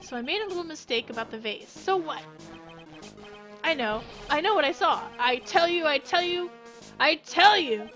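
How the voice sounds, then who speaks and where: A woman voicing a cranky old man who rants and shouts accusations, with game music behind. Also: sits high, expressive, very fast, few pauses. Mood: ranting angry. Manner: shouting, ranting, stuttering.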